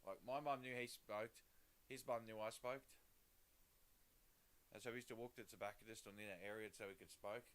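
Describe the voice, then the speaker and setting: A man's voice: fairly low pitch, steady tone, brisk, long pauses, fairly bright tone, low-quality recording. A man from Western Sydney with an Australian accent, telling crude, rambling stories while livestreaming a game. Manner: profane, rambling, laughing anecdotes. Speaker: gaming livestreamer. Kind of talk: casual storytelling on a livestream.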